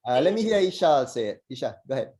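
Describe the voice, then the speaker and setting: A man teaching Arabic letter pronunciation on a video call, patient and encouraging, slowly demonstrating each sound. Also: medium pitch, very animated, dark tone. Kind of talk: online pronunciation lesson.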